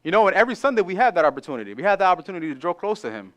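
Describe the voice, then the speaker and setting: Male pastor, high voice, lively sermon delivery, acts out voices and repeats for emphasis. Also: racing. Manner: animated preaching, acts out dialogue, repeats phrases for emphasis. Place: church.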